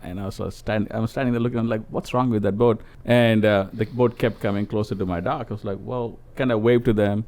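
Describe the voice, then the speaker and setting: A man, telling a story in a relaxed, chuckling way in casual podcast chat. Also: lowish voice, fast talker, few pauses.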